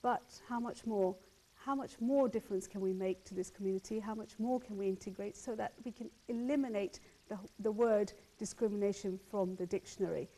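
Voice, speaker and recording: A woman hosts a phone-in talk show, earnest and a little halting. Her voice is mellow and of middle pitch. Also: steady tone. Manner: earnest, repeats words as she builds points. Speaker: host.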